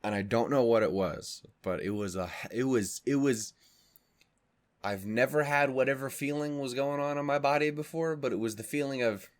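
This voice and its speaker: A man's voice: medium pitch, normal speed. A man hosting a reaction video in casual chat, rambling and joking, swearing freely with many fillers and restarts.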